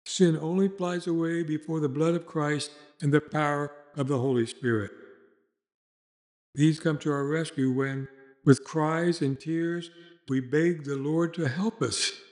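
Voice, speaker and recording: A man with a fairly high voice delivers a sermon in an earnest, exhorting way. He reads steadily, pressing each point home to his listeners. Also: steady tone, unhurried, a little mellow. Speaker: preacher. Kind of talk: read-aloud sermon.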